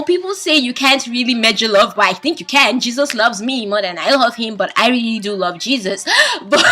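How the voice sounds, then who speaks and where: A high, bright-voiced woman chats through her drama review in a casual video. She gushes with excitement and acts out her own reactions as little quoted asides. Her tone stays crisp and forward. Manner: gushing, excitable, gasps and laughs often.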